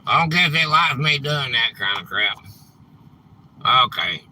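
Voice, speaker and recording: A man hosting a casual live stream, rambling and quick to get frustrated, saying "man" a lot. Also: mid-range voice, expressive, pushed and bright, rough recording. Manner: rambling, easily frustrated, says "man" often.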